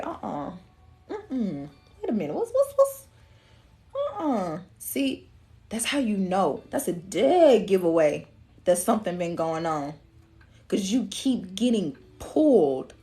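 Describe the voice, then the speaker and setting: Animated slangy woman giving a collective reading. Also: fairly high pitch. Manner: animated, slangy, acts out the viewer's inner voice. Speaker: tarot reader. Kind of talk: casual collective reading to viewers.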